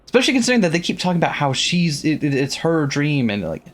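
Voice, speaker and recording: A let's play co-host reading a visual novel aloud and breaking in with joking, animated commentary. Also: mid-range voice, fast. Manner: animated, joking, laughs and swears.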